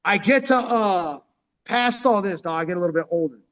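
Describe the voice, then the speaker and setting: Brisk and expressive, a San Diego, California vlogger unspools loose street stories from his life on his phone, heavy on slang and cursing, with "dog" aimed at the listener constantly. His pitch runs raised and a bit bright. The space is reverberant, like a long hall.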